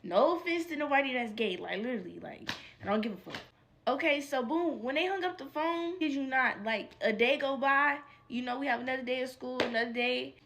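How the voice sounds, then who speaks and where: A woman's voice: sits high, a little fast, slight background noise. A young adult woman telling a storytime vlog in a casual, slangy, profane way, acting out what people said. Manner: animated, profane, slangy, acts out quotes. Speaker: storytime vlogger.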